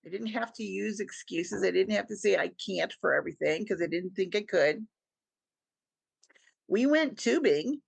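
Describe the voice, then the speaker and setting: A woman's voice: medium pitch, animated, normal speed, vocal fry, breathy edge, no room sound. A middle-aged woman, a podcast guest, telling a personal story with earnest feeling and acting out what people said. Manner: earnest storytelling, acts out quoted dialogue.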